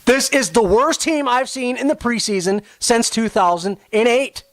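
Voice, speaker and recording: A man's voice: very high voice, normal speed, no echo. A young man hosting a sports podcast, ranting with swearing and frustration about his team. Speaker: podcast host.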